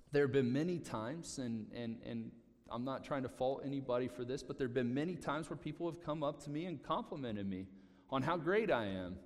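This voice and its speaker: A man preaching a sermon, talking casually and animatedly, often repeating himself. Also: on the high side. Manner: conversational, animated preaching with repetitions. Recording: long hall reverb.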